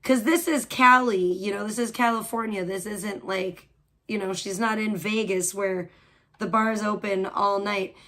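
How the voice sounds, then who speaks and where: A woman's voice: mid-range voice, steady tone, measured pace, fairly bright tone. A woman hosting a live stream, chatting, laughing and greeting viewers as she comments on clips. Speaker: livestream host.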